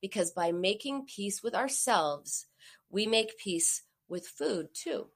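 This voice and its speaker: A woman's voice: medium pitch, lively intonation, slow pace. A woman giving a coaching talk to an audience, acting out the quoted voices. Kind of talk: motivational talk on binge eating.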